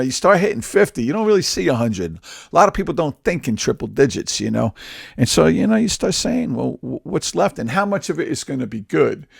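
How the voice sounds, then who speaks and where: A man's voice: mid-range voice, vocal fry, no room sound, studio quality. A man in his sixties talking through a candid personal monologue, rambling and repeating words, with wry humor. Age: 60s. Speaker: podcast host.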